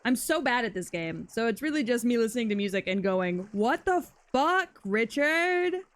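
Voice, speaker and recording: A woman's voice: mid-range voice, animated, fast talker, dry recording. A woman streaming a card game, talking casually to chat, swearing and muttering in frustration with sarcastic asides. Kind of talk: casual live-stream chat while playing.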